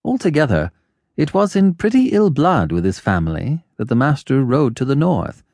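A man narrating a classic novel in a measured, lowered storytelling voice. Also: wildly swooping pitch, a little mellow, dry recording, studio quality. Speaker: audiobook narrator.

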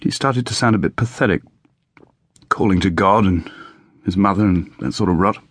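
Shaken young RAF pilot read by a man, clipped slang, lowish voice, dry close sound. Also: normal speed, slightly rough, no echo. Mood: grim recollection. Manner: clipped British airman's slang.

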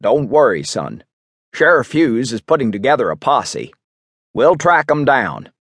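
A man playing an excitable older townsman. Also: mid-range voice, unhurried, breathy edge, dry recording, exaggerated voice. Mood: folksy.

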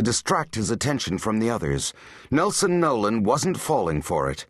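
A man's voice: on the low side, big pitch swings, normal speed, no echo, studio quality. A man narrating an audiobook in a dramatic, tense storytelling manner. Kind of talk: scripted narration.

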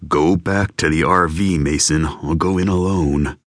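A man's voice: sits low, steady tone, a little slow, no room sound, studio quality. A man voicing a grieving father, a terse male survivor, in an audiobook. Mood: urgent. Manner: terse, urgent. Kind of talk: audiobook character voice.

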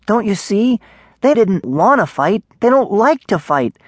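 High breathless boy as a man puts him on, pleading, lively swooping voice, slow, dry audiobook sound. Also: no echo, exaggerated voice. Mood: urgent. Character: frantic young boy pleading for his pet.

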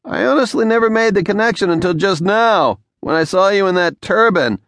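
A male narrator voicing a patient young man who answers in dry, measured replies. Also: high voice, animated, a bit bright, dry recording, pitched above the performer's own voice.

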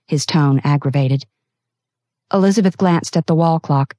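Woman reading an audiobook, low voice, steady and expressive, dry close sound. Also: moderate pace, long pauses, dry recording. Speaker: audiobook narrator. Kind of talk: scripted narration.

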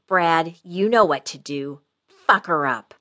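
A woman's voice: low-pitched, slow pace, bright, forceful tone, heavily acted. A woman voicing a foul-mouthed, menacing young woman who snarls her threats. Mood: snarling.

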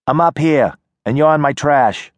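Male narrator doing a guarded young city woman for an audiobook, voice raised high and a touch louder, blunt delivery. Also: normal speed, no room sound, lightly acted. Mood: wary. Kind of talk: audiobook character reading.

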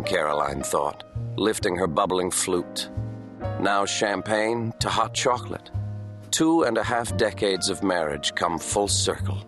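Low-voiced man narrating a thriller. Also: measured pace, a bit bright, soft background music. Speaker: audiobook narrator. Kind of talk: scripted narration.

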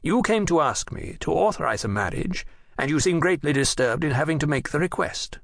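A man voicing a young king who speaks with firm, measured authority in an audiobook. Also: fairly high pitch, expressive, gravelly, no room sound, clean studio sound, voice pushed up. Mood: commanding. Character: young male king, firm and self-assured.

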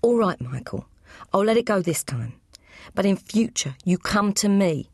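A woman voicing a controlled older gang boss, speaking slowly and measured. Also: mid-range voice, big pitch swings, a little mellow, no echo, studio quality, pitched above the performer's own voice. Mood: stern. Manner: slow, measured.

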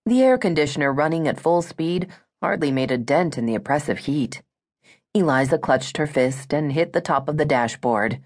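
A woman narrating a romance audiobook in a smooth, measured storytelling manner. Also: sits low, expressive.

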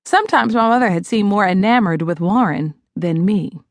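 A woman narrating a novel in the first person, dramatic and expressive, on a close studio mic. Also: mid-range voice, normal speed, dry recording. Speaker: audiobook narrator.

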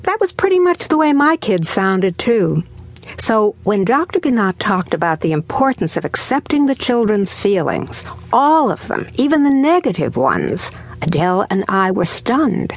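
A woman's voice: medium pitch, sing-song, unhurried. A woman narrating her parenting audiobook in an earnest, conversational way. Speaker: author and narrator.

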